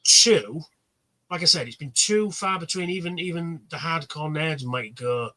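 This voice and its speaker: A man hosts a casual livestream chat, talking animatedly about films and acting out quotes. His voice sits a little high and comes across bright and forceful. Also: normal speed. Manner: animated, swears, acts out film quotes. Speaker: livestream host.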